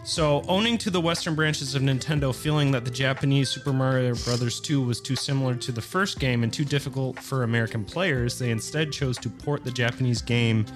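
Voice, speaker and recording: Relaxed man chatting on a podcast. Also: mid-range voice, a little fast, hardly any pauses, over music. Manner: relaxed, reads dates and facts, chuckles. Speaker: podcast co-host. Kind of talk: casual chat, reading game history notes.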